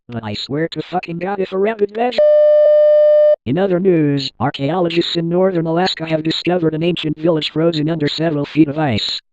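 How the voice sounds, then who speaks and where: A man voicing a news anchor who reads flatly and then breaks into swearing, in a parody newscast. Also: a little high, dry recording, dull audio, lightly acted. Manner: deadpan reading that bursts into swearing. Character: foul-mouthed, panicking male news anchor.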